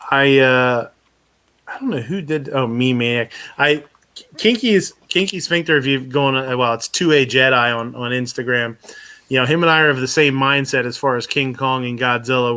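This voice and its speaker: A man's voice: mid-range voice, steady tone, normal speed, pushed and bright, clear, resonant tone. Man rambling through a story, swearing and laughing. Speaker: podcast host. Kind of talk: casual chat.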